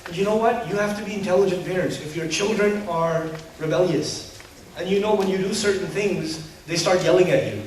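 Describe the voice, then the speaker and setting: High-pitched guy lecturing, lively and jokey, big echoey hall, mic far away. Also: fairly quick, a little hiss or hum. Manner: animated and humorous, rhetorical questions. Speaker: Islamic lecturer. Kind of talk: lecture to an audience.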